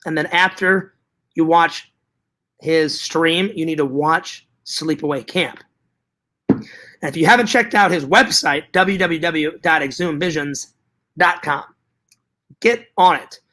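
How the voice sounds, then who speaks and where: A man's voice: a little high, takes it slowly, pauses often, bright, forceful tone. A man vlogging to his viewers in casual chat, hyper and rambling, with joking profanity.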